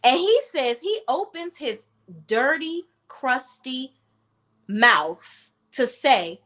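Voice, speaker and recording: A high-voiced woman gives heated reality TV recap commentary. She is blunt and profane, and she turns emotional when the talk gets personal. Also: big pitch swings, drawn-out words, fairly bright tone. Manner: emotional while telling a personal story.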